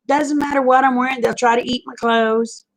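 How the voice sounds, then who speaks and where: A woman's voice: high voice, fairly even intonation, brisk, poor audio. Folksy woman chatting on a livestream. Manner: chatty, folksy, laughs often. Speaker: livestream host. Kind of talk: casual livestream chat with viewers.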